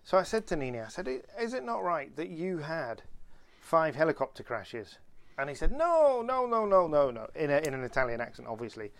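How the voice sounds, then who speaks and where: A man casually telling an animated anecdote on a podcast, with many restarts. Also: a little high, brisk, gravelly, dry recording. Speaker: podcast co-host. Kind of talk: casual storytelling chat.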